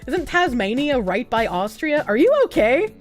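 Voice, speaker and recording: A young woman streaming, chatting casually and reading out viewer messages, animated and profane, with bursts of giggling. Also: normal speed, soft background music. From United States. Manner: animated, giggly, profane, with squealing high laughs.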